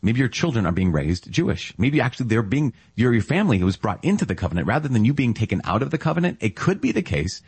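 A man's voice: medium pitch, big pitch swings, fast talker, few pauses, darkish tone, slightly rough, no room sound. A man preaching a conversational sermon on scripture readings, laughing lightly and checking in with the listeners. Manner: conversational, with laughs and tag questions. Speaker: priest.

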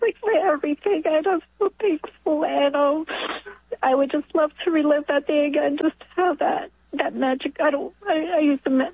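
Casting: high-voiced woman in her 40s, radio caller, emotional and halting, dry tinny phone line. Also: no room sound. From New York. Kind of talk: call-in radio testimony.

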